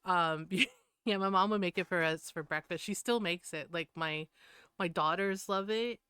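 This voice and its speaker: A woman's voice: lowish voice, moderate pace, a bit bright, clear, resonant tone, dry recording. A woman in her fifties streaming a game, chatting and telling stories with frequent laughs and lots of "like". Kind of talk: casual chat while gaming.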